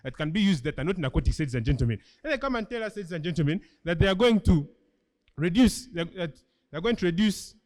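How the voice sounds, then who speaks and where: A man's voice: high voice, animated, quick pace. A young man in his late teens with a Ugandan English accent, giving an emphatic competitive debate speech as the opposition's first speaker, repeatedly addressing the audience. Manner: emphatic, keeps repeating "ladies and gentlemen".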